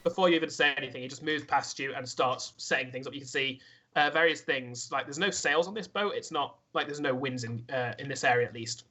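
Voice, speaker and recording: Bright-voiced man running a tabletop game. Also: medium pitch, fairly quick. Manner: swears freely, restarts often. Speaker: dungeon master.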